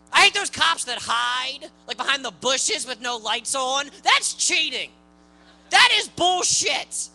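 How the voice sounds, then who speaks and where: A man with a high voice that gets mistaken for a woman's, doing a stand-up comedy set on a club stage with loud, ranting punchlines. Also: animated, measured pace, low-quality recording. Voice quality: high, boyish voice often taken for a woman's.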